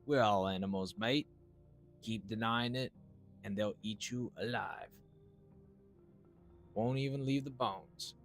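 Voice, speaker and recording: A man voicing a cocky, menacing drifter in a game, using a put-on British accent and a sneering, loud delivery. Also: fairly low pitch, slow pace, pauses often, faint music behind.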